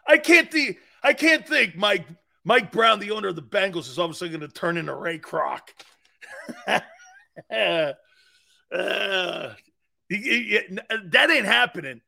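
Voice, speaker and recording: A man's voice: high-pitched, expressive, slow, gravelly, pauses often, sharp tone. A man hosting a sports radio show, talking in a rambling, jokey monologue, laughing often and slipping into silly voices. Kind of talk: animated sports talk monologue.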